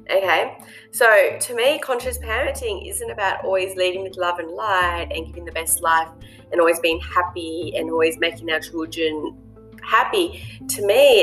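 A woman with a slightly bright, mid-range voice hosts a casual monologue. She sounds earnest and reflective and uses plenty of ums and you-knows.

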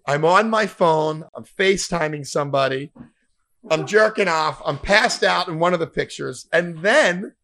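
A male comedian spins a long anecdote in a casual podcast style, swearing freely and rambling from one detail to the next. His voice sits a bit high for a man, and the delivery stays animated. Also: a little slow.

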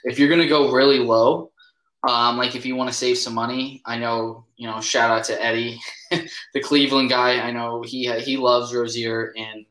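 Bright-voiced man in a roomy space. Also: medium pitch, flat delivery, normal speed. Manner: hesitant, many ums, self-correcting. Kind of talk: casual sports chat.

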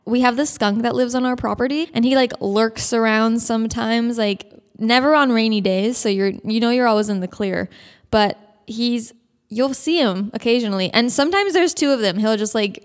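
A young woman from Canada casually telling stories on her vlog, blunt and fast-talking, swearing and laughing often. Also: fairly high pitch, big-room sound. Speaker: vlogger. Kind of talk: casual storytelling.

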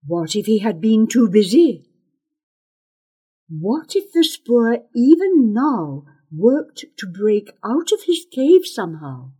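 A woman narrating a fantasy audiobook in a slow, expressive storytelling manner. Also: on the high side, breathy edge.

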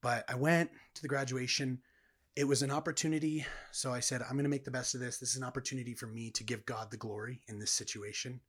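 A man's voice: medium pitch, fairly even intonation, quick pace, slightly rough. A man earnestly telling his personal testimony as a guest in a conversation. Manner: earnest, reflective storytelling.

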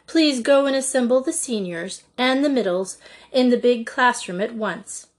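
A woman's voice: a little high, lively intonation, normal speed, voice pushed up. A woman reading an audiobook, voicing a stern, proper headmistress who speaks firmly and precisely. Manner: firm, disapproving, precise.

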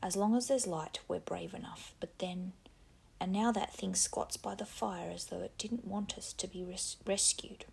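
A woman voicing Ralph, a frustrated, anxious boy chief with a bitter, strained way of speaking in a gravelly, breathy voice. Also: medium pitch, fairly even intonation, normal speed, a little mellow, exaggerated voice.

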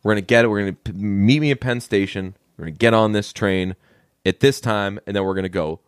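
A man's voice: fast, clear, resonant tone, no echo, studio quality. A man casually recapping a movie plot on a podcast, acting out the characters' lines in a raised voice. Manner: animated storytelling, acting out quoted lines in a higher voice. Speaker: podcast co-host.

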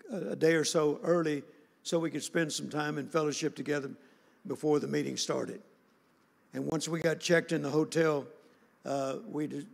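A man's voice: a little high, gravelly. A man preaching a sermon, telling a story in a folksy, conversational way. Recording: long hall reverb.

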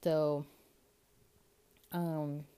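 A woman's voice: low-pitched, level tone, very slow, warm tone, smooth. A woman hosting a podcast, reading scripture and explaining it in a chatty way full of fillers. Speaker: podcast host. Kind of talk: casual scripture reading and commentary.

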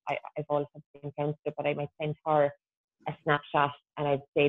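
A woman's voice: low-pitched, completely flat delivery, fast, no room sound. A woman chats as a podcast guest, practical and self-deprecating. Her voice comes through a tinny, phone-like line. It sounds dry and close, with no room around it. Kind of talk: casual podcast chat.

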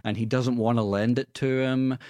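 A man's voice: mid-range voice, fairly even intonation, moderate pace, a little mellow, no room sound. A man reviewing films on a radio show, chatty and wry, retelling plots with dry humor. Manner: wry, chatty, puts on silly voices in retellings. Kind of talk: casual radio chat. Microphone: studio microphone.

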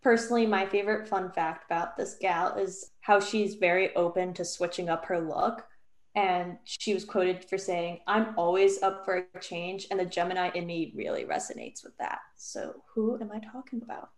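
A woman's voice: fairly low pitch, lively intonation, moderate pace, roomy sound. A woman hosting a casual trivia game, reading out clues in a playful, announcer-like way. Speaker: quiz host.

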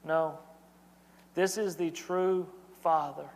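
A man's voice: fairly high pitch, fairly even intonation, slow pace, darkish tone. A man in his thirties preaching a sermon as pastor, earnest and repetitive in his cadence. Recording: long hall reverb.

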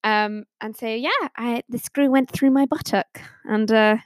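A woman's voice: on the high side, steady tone, unhurried, no echo. Young woman, casual storytelling, laughs a lot, dry close sound. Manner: giggly, laughs often while telling stories. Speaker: podcast panelist.

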